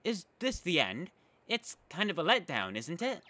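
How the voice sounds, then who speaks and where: Casting: man playing a bright, eager paper-girl sidekick, raised voice, light European lilt, very lively. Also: a little high, normal speed, pitched above the performer's own voice, full character voice. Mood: hopeful. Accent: European-tinged, put on. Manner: eager, wide-eyed and chatty. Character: cheerful curious young paper girl companion. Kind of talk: reading game dialogue aloud.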